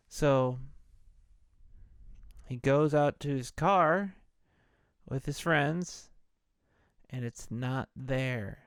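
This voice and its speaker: A man's voice: mid-range voice, drawn-out words, long pauses, clean tone, no echo, clean studio sound. A man hosting a podcast, retelling a film in a laid-back, profane, casual way. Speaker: podcast host. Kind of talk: casual movie recap podcast.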